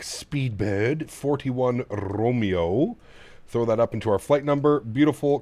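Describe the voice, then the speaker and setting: A man's voice: medium pitch, darkish tone. A man streaming a flight simulator, chatting casually and thinking aloud as he sets up a flight at his home sim setup. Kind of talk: casual live-stream chat.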